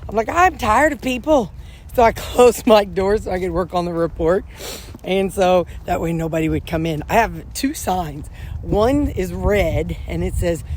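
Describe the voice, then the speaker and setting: A woman's voice: fairly low pitch, a little mellow, a little hiss or hum. A woman vlogging at home in a rambling, chatty, self-deprecating way, talking casually to her camera. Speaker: weight-loss vlogger.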